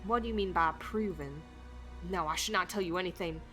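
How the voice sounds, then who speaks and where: A woman's voice: on the low side, fairly quick, fairly bright tone, faint music behind, lightly acted. Glow, a woman voicing an anxious captive. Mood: protesting. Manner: anxious, protesting. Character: Glow, frightened captive canine protagonist.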